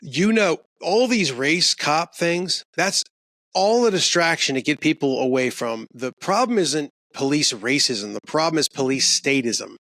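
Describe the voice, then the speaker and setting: A man, a podcast guest, talking in a heated conversational rant, emphatic and animated, restarting mid-sentence. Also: fairly high pitch, unhurried, dry recording.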